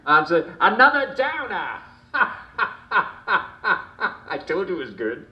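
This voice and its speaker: A chuckling English TV host. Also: male voice, high-pitched, wildly swooping pitch, takes it slowly, lo-fi sound, full character voice. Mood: jovial. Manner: theatrical, chuckling constantly between lines. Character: jovial, sinister male TV comedy show host. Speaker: show host. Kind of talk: scripted video game character performance. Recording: roomy echo.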